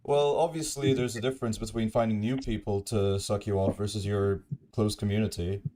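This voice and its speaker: A man's voice: lowish voice, level tone, brisk, background noise. A man in a casual voice chat argument, pressing his point with persistent questions. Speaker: voice chat participant.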